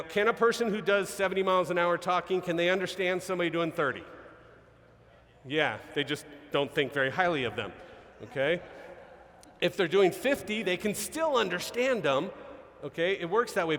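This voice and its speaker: A man giving an energetic live seminar talk as a sales trainer, peppering his points with "okay?" and "right?". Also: high-pitched, brisk. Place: large event hall. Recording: reverberant event hall.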